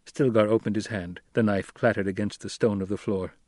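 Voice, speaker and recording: A man reading scripted audiobook narration in a measured, even storytelling manner. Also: lowish voice, dry recording, studio quality.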